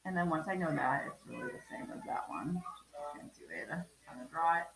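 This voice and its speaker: A woman's voice: sits low, expressive, fairly quick, gravelly, reverberant, background noise. A woman in her thirties teaching a math lesson to a remote class, chatty, with lots of ums as she walks through each step. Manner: chatty, many ums, talks through steps.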